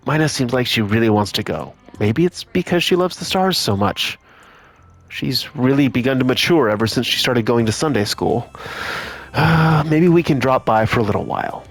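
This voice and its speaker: Calm man reading game dialogue. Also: mid-range voice, moderate pace, faint music behind. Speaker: let's play narrator voicing the protagonist. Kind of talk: reading game dialogue and inner thoughts aloud.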